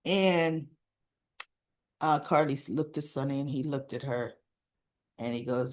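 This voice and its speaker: A woman's voice: low-pitched, very animated, measured pace, long pauses. A woman recapping a soap opera episode in a casual, chatty way, acting out the characters' lines and laughing often.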